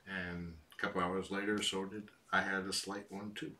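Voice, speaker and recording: A man with a low, bright-edged voice chats casually with viewers at home. He sounds relaxed, with dry little asides. The mic sits a little away from him. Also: moderate pace, few pauses, far from the mic. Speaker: live stream host. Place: home room with cats.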